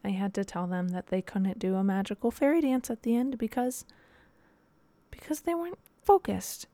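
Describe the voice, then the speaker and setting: A woman's voice: mid-range voice, fairly even intonation, moderate pace, dark tone, dry recording. A young woman hosting a casual solo podcast, talking in a rambling, chatty way with lots of fillers. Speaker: podcast host and dance teacher.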